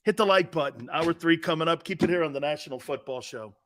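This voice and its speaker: A middle-aged man hosting a sports talk show, brash and quick to laugh, swearing freely as he talks football. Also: a little high.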